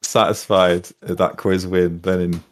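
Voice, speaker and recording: A man's voice: low-pitched, flat delivery, a little slow. A man, co-hosting a podcast in casual chat, with dry, wry humor. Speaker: podcast co-host.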